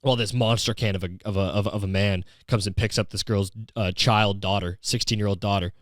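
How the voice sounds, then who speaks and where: A man's voice: lowish voice, fairly even intonation, fairly quick, dry recording, studio quality. A young man hosting a podcast, ranting in a crude, sarcastic, mocking way and putting on voices for the people he quotes. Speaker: podcast host. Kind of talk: profane comedic podcast rant.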